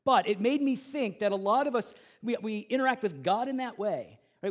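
A pastor with a notably high voice delivers a sermon, opening with a lively personal anecdote. He tells the story in an animated way, acting out the people in it, then turns to earnest preaching. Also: moderate pace, few pauses.

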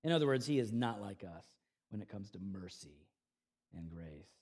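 A pastor delivers a sermon in a conversational, animated style, moving from loud, emphatic peaks to quiet asides and poking fun at himself. His voice runs on the low side at a normal speed.

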